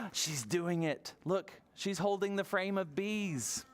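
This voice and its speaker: A children's librarian reading a picture book aloud at preschool story time, expressive and asking the children questions. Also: medium pitch, slow pace.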